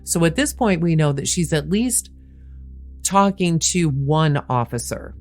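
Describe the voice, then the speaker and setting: A woman hosting a true crime podcast, walking through a case step by step and reading quoted lines slowly. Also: low voice, lively intonation, a little mellow, soft background music. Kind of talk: narrated case walkthrough.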